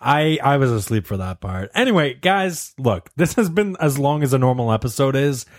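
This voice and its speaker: A podcast host with a mid-range voice wraps up the episode in casual chat. The delivery is loud and incredulous, with plenty of swearing. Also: mid-range voice, sing-song, normal speed, no room sound, studio quality.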